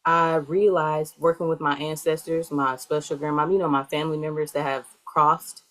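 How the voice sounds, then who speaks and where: A woman with a notably low, deep voice answers interview questions in a loose, wandering way. She is a young adult and fills her talk with plenty of "um" and "like". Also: level tone, normal speed, low-quality recording. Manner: rambling, filler-heavy. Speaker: guest, healer.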